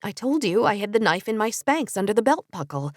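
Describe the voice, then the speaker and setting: A woman narrator voicing a quick-witted young female adventurer in her own near-natural voice, quippy and casual. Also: mid-range voice, sing-song, darkish tone, no echo, clean studio sound, lightly acted. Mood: wry.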